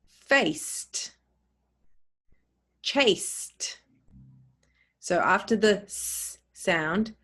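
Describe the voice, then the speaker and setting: A woman teaching a pronunciation lesson, saying words slowly and clearly, repeating them and spelling them out letter by letter. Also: medium pitch, bright, forceful tone.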